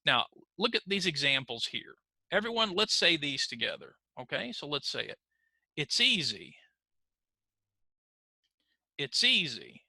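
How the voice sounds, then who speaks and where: Bright-voiced man teaching pronunciation. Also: on the high side, sing-song, no echo, poor audio. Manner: slow, clear modeling of words for learners to repeat. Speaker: ESL teacher. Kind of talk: online pronunciation lesson. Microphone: computer mic on a screen recording.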